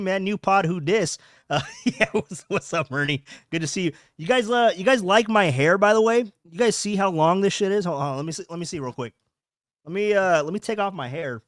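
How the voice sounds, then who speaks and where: A man's voice: fairly high pitch, dry recording, clean studio sound. A young man hosting a casual podcast livestream from a home setup, rambling, repeating himself and reading chat comments aloud. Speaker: podcast host. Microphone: home streaming setup.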